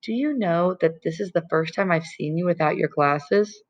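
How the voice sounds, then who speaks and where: Woman doing a sweet teen boy, gentle and soothing. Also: fairly low pitch, moderate pace, natural voice. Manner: gentle, reassuring. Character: gentle, kind teenage boy.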